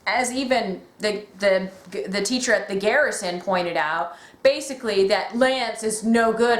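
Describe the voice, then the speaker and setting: Woman, casual fan chat, excitable and gushing, mid pitch, echoey room. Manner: excitable, gushing, often acts out quotes. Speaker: podcast co-host.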